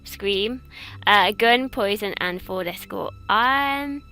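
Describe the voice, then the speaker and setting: Bright chatty young English woman. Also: mid-range voice, slow pace. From England. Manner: chatty, rambling, self-mocking. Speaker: YouTuber. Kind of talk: casual quiz commentary.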